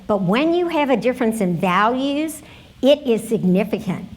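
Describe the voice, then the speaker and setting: At a conference workshop, a woman presenter with a higher, animated voice speaks at normal speed. She talks conversationally, telling stories directly to the audience.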